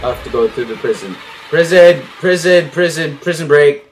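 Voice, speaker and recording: A young man commentating a horror game as he plays, panicky and swearing, yelling at the enemies on screen. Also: a little high, expressive, normal speed, faint music behind. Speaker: gaming YouTuber.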